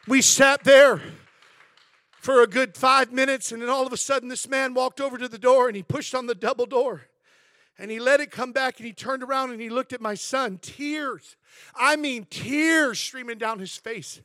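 A man preaching a sermon as pastor, telling stories with frequent amens and praise interjections, and climbing to shouts at the high points. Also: moderate pace, dry recording, clean studio sound. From Southern California. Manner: storytelling preacher, rising to shouts.

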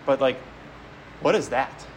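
Speaking a little slowly at medium pitch, a Catholic priest preaches his homily in a conversational way. He tells stories and keeps repeating words as he goes, and the low-quality recording carries slight background noise.

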